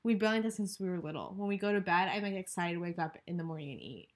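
A young woman co-hosting a podcast talks fast in a fairly low voice. She's from Texas, and her casual chatter is packed with fillers and false starts.

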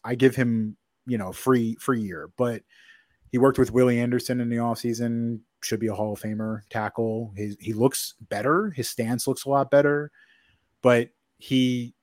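Male podcast co-host, loose filler-heavy chat, mid pitch, dry booth sound. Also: no echo. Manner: rambling, filler-heavy, self-correcting. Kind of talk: casual sports chat.

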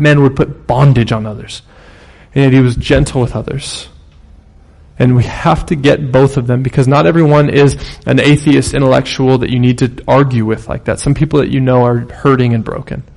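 A man's voice: medium pitch, a little mellow. A man preaching a sermon in a conversational, storytelling way, with sudden bursts of emphasis. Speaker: pastor.

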